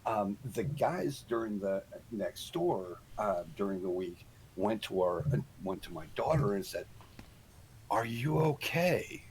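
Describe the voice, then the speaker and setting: Slow, rambling middle-aged man. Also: low-pitched, background noise. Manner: rambling storyteller with many ums. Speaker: podcast guest. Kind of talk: casual chat.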